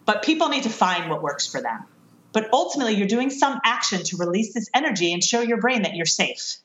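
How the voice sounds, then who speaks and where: As a parenting expert guest in a conversation, a woman earnestly explains parenting strategies and laughs at her own mistakes. Her mid-range voice is sing-song and fairly bright, and she talks a little fast. The recording is roomy and dull, with a lo-fi quality.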